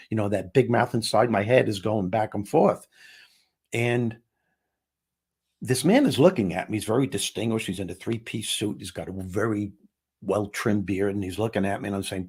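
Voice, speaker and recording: A comedian and speaker appearing as a guest tells a story conversationally in a husky, somewhat breathy voice. He acts out each exchange, shifting his voice for every person, going low for quiet moments and rising for excited ones, at a moderate pace with frequent pauses.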